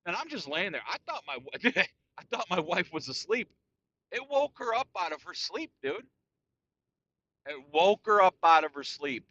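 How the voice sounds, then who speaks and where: A man's voice: high-pitched, sing-song, moderate pace, sharp tone, no echo, lo-fi sound. A man hosting a casual solo podcast rant, talking in a crude, profane and boastful way, calling everyone "dude". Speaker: podcast host.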